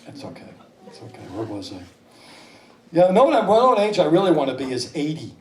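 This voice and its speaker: A man's voice: on the high side, wildly swooping pitch, a little fast, darkish tone. A man in his fifties doing stand-up comedy and slipping into exaggerated voices. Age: 50s. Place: small comedy club stage. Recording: echoey club from a distance, laughing crowd. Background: audience laughter.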